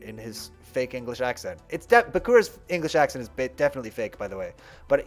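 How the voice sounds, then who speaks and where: A man's voice: medium pitch, big pitch swings, quick pace, soft background music. A man streaming a card game live, chatting casually and explaining moves as he plays.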